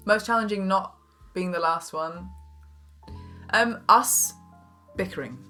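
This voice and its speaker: A woman's voice: mid-range voice, takes it slowly, bright, forceful tone, faint music behind. A woman hosting a casual live-stream Q&A, reading out viewer questions and chatting about them. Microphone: one mic shared with the guest.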